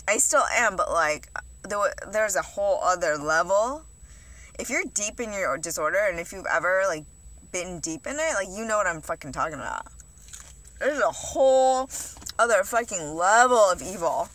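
Young woman vlogging, bright and rambling. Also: fairly low pitch, animated, fairly quick. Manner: rambling, profane, heavy use of "like". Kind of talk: confessional eating vlog talk.

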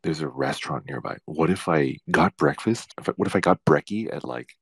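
A man's voice: a bass voice, a little fast, fairly bright tone, slightly rough, no room sound. A man streaming, joking through an absurd story in casual chat. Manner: joking, spinning absurd stories.

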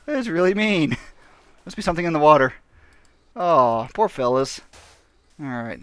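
A man's voice: a little high, big pitch swings, moderate pace, a bit bright, clean tone. A man giving casual, rambling gameplay commentary, mocking himself and laughing often. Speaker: gaming channel host.

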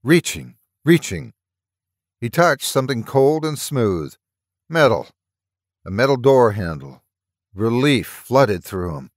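A man narrating a horror story at a steady, measured pace, close to the mic. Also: mid-range voice, dry recording. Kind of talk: audiobook reading of a story.

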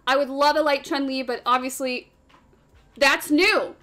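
A young woman streaming a game, squealing with excitement and repeating phrases over and over. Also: high-pitched, measured pace. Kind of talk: excited live-stream commentary. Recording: slightly off-sounding stream audio.

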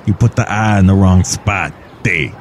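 A man's voice: low voice, normal speed, a little hiss or hum, voice pushed down, close to an everyday voice. Man doing a goofy fake Norwegian. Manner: deadpan with odd sing-song tag. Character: goofy man claiming to be Norwegian, tags "day".

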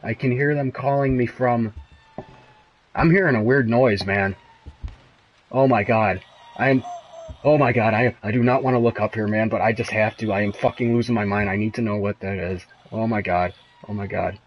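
A man's voice: fairly low pitch, steady tone, normal speed, a little hiss or hum. A young man commenting on a horror game, frightened and swearing as he talks to himself. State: shaking with fear. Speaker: gamer.

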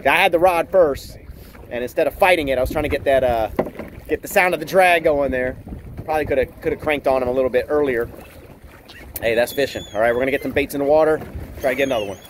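This man's medium-pitched voice moves fast over slight background noise. He hosts a fishing channel and, filming handheld from a small boat outdoors at sea, keeps up a chatty, self-teasing running commentary as casual vlog narration.

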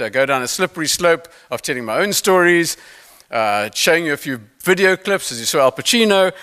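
A man giving a keynote talk on mental toughness, telling stories with playful asides to the audience. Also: a little high. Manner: animated storytelling with playful asides. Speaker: motivational speaker.

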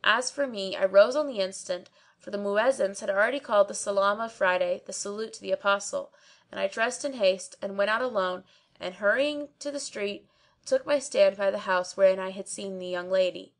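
A woman narrating an audiobook of old tales in measured, storytelling delivery. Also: medium pitch. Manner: measured storytelling with archaic diction. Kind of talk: scripted narration.

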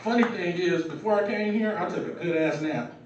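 A man's voice: high-pitched, fairly quick, very echoey, recorded from a distance, lo-fi sound. A man in his thirties doing a loose, profane open mic stand-up set, acting out quotes. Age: 30s. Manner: loose, profane, conversational delivery with acted-out quotes. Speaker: stand-up comedian. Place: comedy club stage. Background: crowd laughing.

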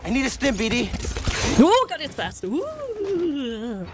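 A woman streamer giving loud, excitable commentary while playing a game, swearing freely. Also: high voice, slow pace, pauses often, over loud music. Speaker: gaming streamer. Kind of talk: live let's-play commentary.

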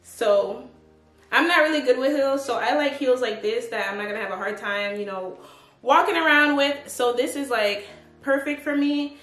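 A woman's voice: high-pitched, moderate pace, fairly bright tone, soft background music. Chatty young woman, echoey room. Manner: chatty, upbeat, lots of "like" and "but yeah". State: out of breath. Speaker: fashion vlogger. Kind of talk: casual try-on haul chat. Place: home room with a tripod. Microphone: camera on a tripod.

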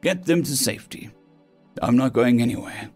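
A man's voice: mid-range voice, moderate pace, darkish tone, soft background music, lightly acted. A man voicing a weary, wounded male space marine corporal who speaks in short, clipped commands.

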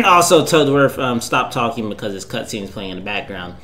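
A man's voice: mid-range voice, big pitch swings, normal speed, sharp tone. A man hosting a let's play, rambling and self-deprecating as he comments on the game. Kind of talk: casual gameplay commentary.

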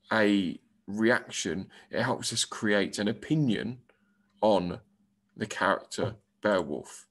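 Male, primary teacher, recorded English lesson, low voice, slow steady pace, step-by-step explaining. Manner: explains slowly and step by step, reading example lines aloud.

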